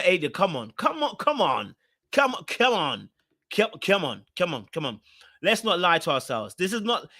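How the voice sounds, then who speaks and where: A man's voice: high voice, pushed and bright, no room sound, studio quality. A man hosting a casual reality TV recap. He talks straight to his viewers and repeats words for emphasis.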